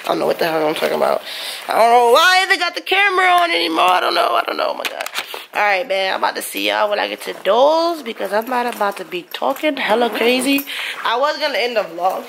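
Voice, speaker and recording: A woman's voice: fairly high pitch, big pitch swings, fast, gravelly, fairly bright tone, reverberant, a little hiss or hum. A woman vlogger talking to her viewers in loose, slangy casual chat, cursing freely.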